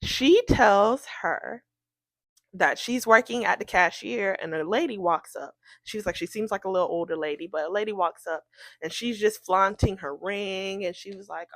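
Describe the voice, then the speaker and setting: Animated woman telling a storytime tale. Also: mid-range voice, normal speed, no echo. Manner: animated, incredulous, acts out quoted people. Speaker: storytime vlogger. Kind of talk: casual storytime.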